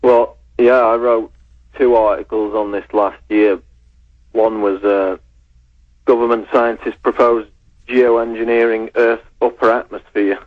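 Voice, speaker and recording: Low-pitched male caller on a dull phone line, flat and measured, citing sources. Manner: measured, reads titles and sources. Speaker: researcher and writer, radio guest. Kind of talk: phone-in radio interview. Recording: muffled phone line on radio.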